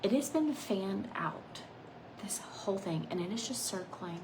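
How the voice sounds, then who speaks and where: A woman in her thirties chatting casually through a makeup vlog, rambling between asides, her phrase endings often trailing off into a soft near-whisper. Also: medium pitch, expressive, unhurried, background noise. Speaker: makeup vlogger.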